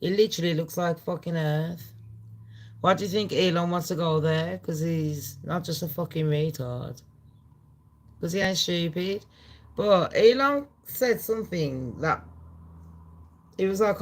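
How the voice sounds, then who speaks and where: A woman hosting a casual commentary vlog, talking bluntly and profanely in a chatty way, with loud excited bursts. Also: on the low side, a little slow. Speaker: channel host.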